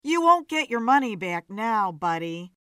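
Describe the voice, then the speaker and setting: In a storybook reading, a woman plays a blunt, wisecracking bartender with a lively, swooping voice. She speaks slowly and bluntly, and the sound is dry and close. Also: on the high side, clear, resonant tone, dry recording. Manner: blunt, wry.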